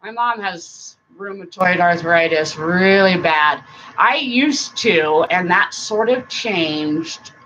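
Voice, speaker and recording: A middle-aged woman hosting a casual live-stream chat, rambling warmly, laughing often and now and then breaking into song. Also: fairly low pitch, takes it slowly. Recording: dull lo-fi sound with faint noise.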